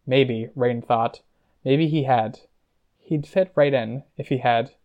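Brief: male narrator, mid-pitched, steady reading, slightly muffled lo-fi sound. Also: takes it slowly. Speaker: audiobook narrator. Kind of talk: scripted narration.

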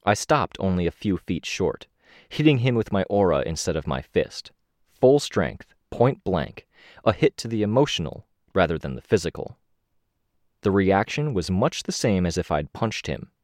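Deep-voiced man narrating a story. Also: big pitch swings, normal speed, a little mellow, no room sound, clean studio sound. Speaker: audiobook narrator. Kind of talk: first-person fiction narration.

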